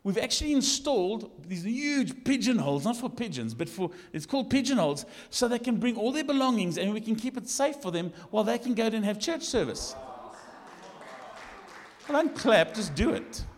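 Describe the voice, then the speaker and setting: A man, a lead pastor, preaching in a church, jokey and animated, jumping from shouts to quiet asides. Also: sits high, normal speed, big-room sound, slight background noise. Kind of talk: sermon. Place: church hall.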